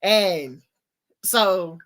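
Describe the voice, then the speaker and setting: A woman host with a lowish voice and drawn-out words recounts a TV episode's plot in casual chat. She tells it animatedly, acting out the quotes and swearing freely.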